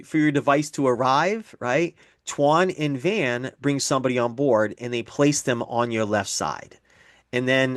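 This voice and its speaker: Man, presenter, step-by-step explanation, dry close sound, mid-pitched voice. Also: dry recording. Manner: explanatory, repeats figures, acts out sample dialogue. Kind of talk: business presentation.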